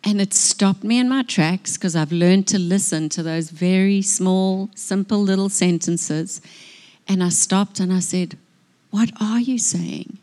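An earnest woman shares a personal story from the front of a church. Her voice sits at an ordinary middle pitch, and she speaks with open emotion. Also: a little slow, dark tone. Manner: earnest, emotional, tearful at moments. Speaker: speaker sharing a testimony. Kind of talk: sermon testimony. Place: church hall before a congregation.

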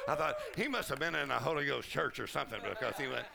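A man preaching a sermon at a conference, exuberant, often laughing and shouting out. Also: fairly high pitch, lively intonation, brisk, creaky, few pauses. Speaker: pastor. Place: conference hall. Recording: crowd heard in a hall.

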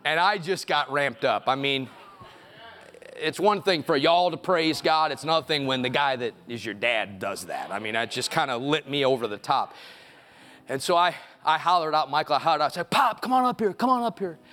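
A middle-aged man, preaching a sermon in a church and telling a personal story that builds to loud, impassioned preaching. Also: medium pitch, normal speed. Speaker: pastor. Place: church sanctuary.

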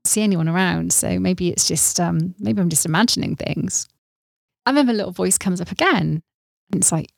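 Woman with a gravelly, creaky voice. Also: lowish voice, moderate pace, dry recording, studio quality. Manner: playful, teasing, laughs often. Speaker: podcast co-host. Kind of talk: casual chat, telling a joke.

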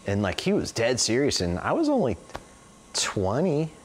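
Telling long, rambling stories in a casual interview, this guest in his forties fills his speech with "like" and "you know." His mid-range voice swoops wildly in pitch at a moderate pace, with slight background noise.

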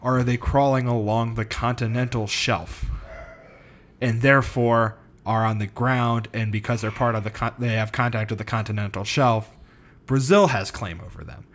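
Man, podcast co-host, casual, rambling, mid pitch, swears a bit. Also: steady tone, moderate pace. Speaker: podcast co-host presenting a history topic.

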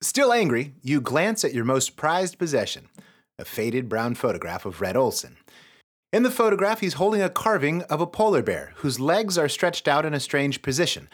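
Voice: medium pitch, very animated, moderate pace. A game master reading a mystery game aloud to friends, profane and often breaking into laughter and asides. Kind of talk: comedic tabletop game narration.

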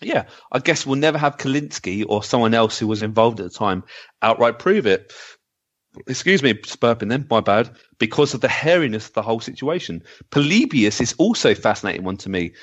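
A man's voice: medium pitch, expressive, a little fast. A man hosts a casual podcast with a mid-range voice. He jokes, laughs often and reads out listener comments. The audio is dull and lo-fi. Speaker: podcast host.

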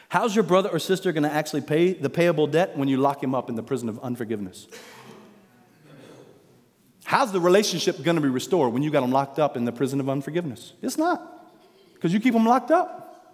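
A man preaching a sermon as pastor, emphatic, rising to loud declarations and dropping low for weight. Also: in a large hall.

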